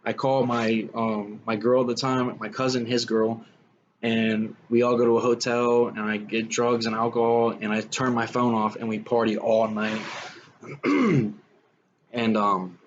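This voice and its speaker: A man's voice: medium pitch, little pitch movement, a little slow, lo-fi sound, a little hiss or hum. A young man telling his own life story in a casual, rambling way, full of "man" and "you know".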